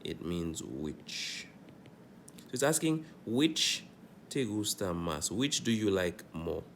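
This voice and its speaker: A man's voice: deep voice, sing-song, takes it slowly, slight background noise. A man teaching a Spanish grammar lesson, going over examples and checking in often with "all right?".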